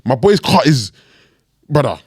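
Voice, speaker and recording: A man's voice: mid-range voice, a little slow, husky, no echo. Young guy podcasting, voice jumps all over, dry mic. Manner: expressive storyteller, acts out quotes. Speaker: podcast co-host. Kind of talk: casual chat.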